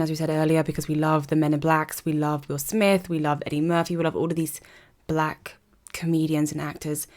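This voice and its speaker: A young woman with a slightly low voice talks straight to camera in a personal commentary video. Her delivery is earnest and conversational. She often throws rhetorical questions at her viewers. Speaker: vlogger. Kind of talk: opinion commentary monologue.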